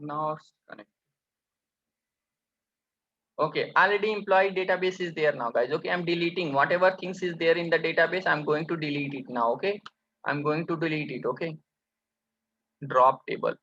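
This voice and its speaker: High, bright-voiced man teaching code. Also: normal speed, pauses often. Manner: keeps asking rhetorical questions, addresses viewers as guys. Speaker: programming instructor. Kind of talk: screen-recorded coding tutorial. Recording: dull lo-fi sound.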